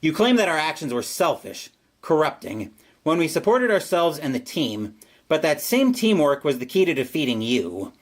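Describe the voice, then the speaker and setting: A man voicing a bold young heroine who calmly argues back without fear. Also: on the high side, moderate pace. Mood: defiant.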